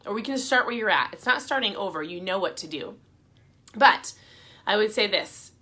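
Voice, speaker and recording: A middle-aged woman talks to her viewers in a casual, encouraging way. Her voice is bright and forward, and her pitch sits in an ordinary middle range. She sounds chatty and upbeat as she hands out motivational tips. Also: lively intonation, normal speed. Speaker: vlogger giving motivational advice. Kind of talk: casual motivational talk to camera.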